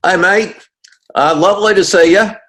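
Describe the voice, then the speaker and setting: A beaming mock-Aussie bloke calls out to his mates, loud and high in a mock Australian accent, as a man in his sixties puts it on. The voice sits well above its usual pitch and rings out bright. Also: normal speed. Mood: cheery. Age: 60s. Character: cheery put-on Australian bloke greeting mates.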